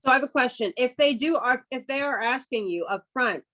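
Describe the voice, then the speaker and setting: A woman team member asking questions on a video call, halting and restarting as she phrases them. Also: on the high side, bright, forceful tone.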